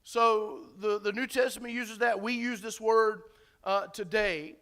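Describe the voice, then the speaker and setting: A man's voice: high-pitched, steady tone, unhurried, a bit bright. A pastor preaching a sermon to his congregation in a loose, conversational way, with many fillers and restarts, and putting questions to the listeners.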